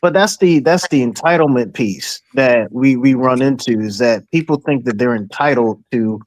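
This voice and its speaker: Animated, profane D.C. man. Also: medium pitch, normal speed, no room sound. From Washington, D.C., USA. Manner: profane, animated storyteller who acts out quotes. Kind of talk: casual podcast chat.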